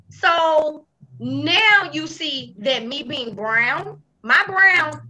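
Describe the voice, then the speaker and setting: A woman's voice: high voice, drawn-out words, low-quality recording. A woman in her thirties, a talk show host, chatting casually and telling stories with heavy profanity. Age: 30s. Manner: animated storytelling, heavy profanity, acts out quoted people. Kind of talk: casual chat.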